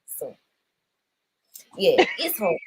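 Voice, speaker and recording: A woman's voice: extremely slow, slight background noise, low-quality recording. A young woman with a New Orleans accent, a guest actress chatting casually in an interview and laughing often.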